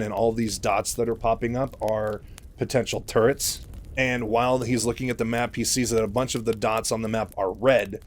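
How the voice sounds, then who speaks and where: A man casually retelling a novel in a loose, chatty way, full of fillers. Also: fairly low pitch. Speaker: storyteller.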